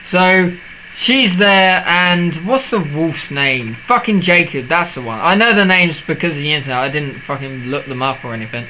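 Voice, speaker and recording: A young man with a high, bright voice, ranting to camera in a profane, sarcastic vlog. He mocks everything he retells and swears constantly. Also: moderate pace, a little hiss or hum, rough recording. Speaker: vlogger. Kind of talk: ranting film rant vlog.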